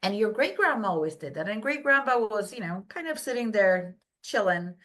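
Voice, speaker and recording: A Polish woman who works as a brain health coach appears as a guest on a casual podcast interview, speaking at a normal pace. Polish is her first language, and she tells stories in an animated way, acting out quoted voices in a high pitch.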